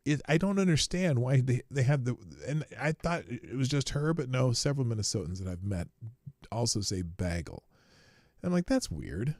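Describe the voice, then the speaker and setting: A man hosting his own livestream show, rambling casually from a home studio, talking softly and laughing at his own asides. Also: mid-range voice, sing-song, normal speed, no room sound.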